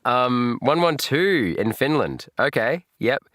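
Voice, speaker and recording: An Australian man chatting on a live reaction stream, jokey and animated and laughing often. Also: medium pitch, takes it slowly, no room sound, studio quality.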